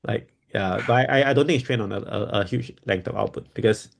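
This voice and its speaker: Gravelly man explaining at a steady pace. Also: fairly low pitch, a little fast. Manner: explains while thinking aloud, repeats words. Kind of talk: casual technical discussion.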